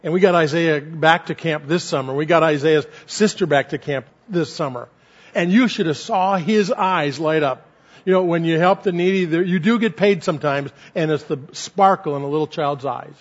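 A man's voice: on the high side, normal speed. A man preaching a sermon as pastor, earnest and repetitive, building emphasis as he goes. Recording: dull lo-fi sound.

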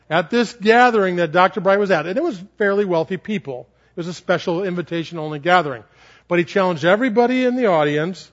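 Earnest preaching man, high voice. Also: a bit bright, highs cut off. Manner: earnest, emphatic preaching with slow stressed phrases. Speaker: pastor. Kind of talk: sermon.

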